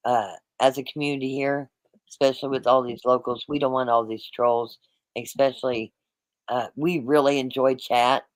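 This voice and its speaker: A man's voice: medium pitch, little pitch movement, moderate pace, dry recording, low-quality recording. A man hosting a livestream, talking straight to his chat in a rambling, repetitive, casual way. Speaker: livestream host.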